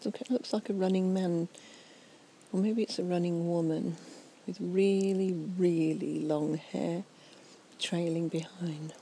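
A woman, slightly tipsy, giving a soft, rambling, whispered night-time ASMR chat outdoors near trees and a fountain on a portable recorder. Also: fairly low pitch, steady tone, measured pace, slight background noise, poor audio.

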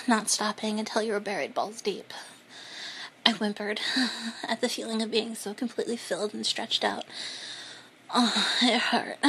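Whispering woman with a gravelly edge. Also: mid-range voice, slight background noise. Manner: soft, breathy, unhurried delivery. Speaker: narrator. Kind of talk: whispered first-person story reading.

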